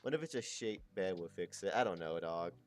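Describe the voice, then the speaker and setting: A man's voice: sits low, lively intonation, brisk. A man chatting casually to his stream as he draws, rambling, muttering and swearing. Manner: rambling, muttering to himself, crude slang. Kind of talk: casual chat while drawing.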